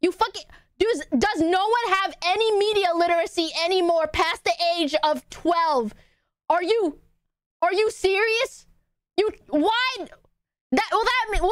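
A woman's voice: very high voice, a bit bright, dry recording, studio quality. A woman streamer giving casual reaction commentary, blunt and swearing, laughing often.

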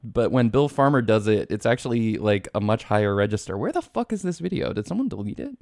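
A man's voice: fairly low pitch, very animated, quick pace, vocal fry, darkish tone, no echo, clean studio sound. A man streaming a video game live, rambling casually, swearing often and laughing easily.

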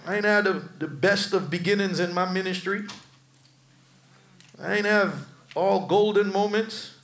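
A middle-aged American pastor preaches a sermon at a measured pace, swinging from shouted peaks to soft, low asides. He mixes in casual slang and humor, and the sound is roomy.

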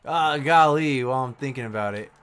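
A man streaming a shooter game, commenting casually with loud, swearing, trash-talking outbursts. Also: mid-range voice, fairly quick, a little hiss or hum. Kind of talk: gameplay commentary.

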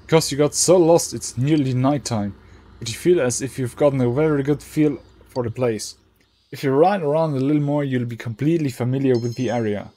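A man playing a role-playing game, reading its dialogue aloud and thinking out loud in a relaxed, halting way. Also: medium pitch. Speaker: let's play gamer.

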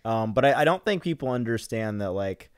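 A man's voice: fairly low pitch, animated, brisk, clear, resonant tone, no room sound, clean studio sound. A man hosting a casual chat, speaking in a loose, supportive way. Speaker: host.

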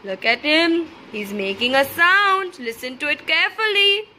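High bright-voiced woman reading to toddlers. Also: a little slow, slight background noise, low-quality recording. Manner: sing-song, animated, coaxing questions, animal sounds. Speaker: teacher reading a picture book to children. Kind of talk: storybook read-aloud for young children.

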